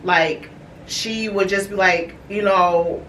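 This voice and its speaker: A woman in her thirties hosting a podcast, telling a personal family story in a candid, halting way with many fillers and restarts. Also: mid-range voice, steady tone, a bit bright, distant mic. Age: 30s. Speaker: podcast host. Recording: echoey room, voice from off-mic, faint hiss.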